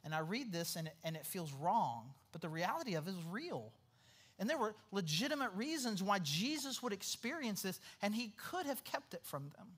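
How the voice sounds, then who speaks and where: A man's voice: high voice, normal speed, husky. Conversational man preaching a sermon. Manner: conversational, animated, acts out quotes in a casual voice. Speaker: pastor.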